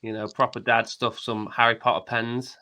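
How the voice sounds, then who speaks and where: A man's voice: mid-range voice, little pitch movement, normal speed, bright, forceful tone. A man, bantering casually on a podcast in a laid-back, self-mocking way. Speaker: podcast co-host. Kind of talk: casual chat.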